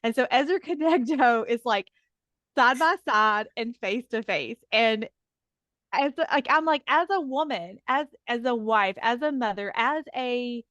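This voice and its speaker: A woman's voice: a little high, expressive, measured pace, a bit bright, no echo, lo-fi sound. A woman guest on a faith podcast, talking earnestly and casually, laughing often and leaning on "like.". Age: adult, taught and teaches women.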